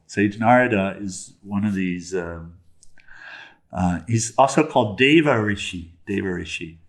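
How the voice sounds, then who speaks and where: A man, a spiritual teacher, telling a story in a sermon in a relaxed way, with chuckles and many fillers. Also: fairly low pitch.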